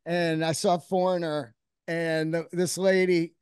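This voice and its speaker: A man with a high voice for a male speaker hosts a podcast and tells stories with animated, profane energy. The recording is very dry and close, with no room sound. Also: measured pace, clean tone, no room sound. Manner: profane, animated storyteller, acting out quotes. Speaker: podcast host. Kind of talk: casual interview chat.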